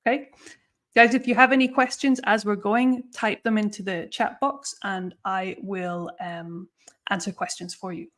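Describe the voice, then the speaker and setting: A woman's voice: mid-range voice, fairly even intonation, normal speed, fairly bright tone. A woman teaching English grammar in a live online lesson, explaining patiently and often checking in with "okay?" and "no?".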